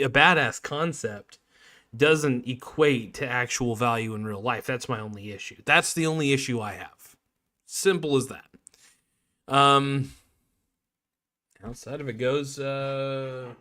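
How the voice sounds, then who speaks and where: A man's voice: medium pitch, bright, forceful tone. Sarcastic man rambling through casual commentary. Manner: sarcastic, mocking, rambling with frequent restarts; profane, jokey asides. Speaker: video creator.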